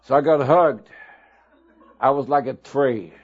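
A man preaching a sermon, telling his own testimony slowly and with emphatic bursts of loudness. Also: medium pitch, breathy edge. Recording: dull lo-fi recording.

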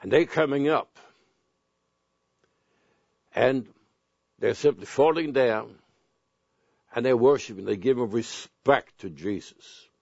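A man preaching a sermon, telling personal stories and reading scripture slowly and deliberately. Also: mid-range voice, gravelly, darkish tone, no echo. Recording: dull lo-fi sound.

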